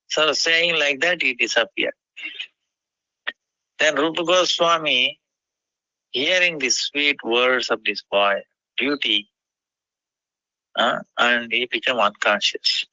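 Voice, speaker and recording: A man telling a devotional story in a halting way, often pausing with "you know". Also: mid-range voice, sharp tone, dry recording, highs cut off.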